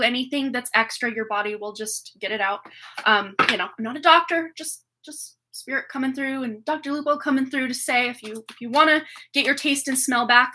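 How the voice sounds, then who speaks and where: A woman hosting a live tarot stream, chatting fast and rambling to her viewers with frequent laughs. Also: fairly high pitch, sharp tone. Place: home room with a reading table.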